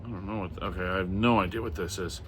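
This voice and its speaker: A middle-aged man with a low voice talks fast over slight background noise. A comic and pulp collector, he casually shows off old pulp magazines, reading titles aloud and muttering wry asides.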